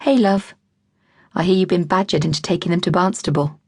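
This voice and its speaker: A woman's voice: fairly low pitch, fairly even intonation, a little fast, a little mellow, husky, no echo, studio quality. A woman voicing a flustered, apologetic young mother in an audiobook. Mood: warm.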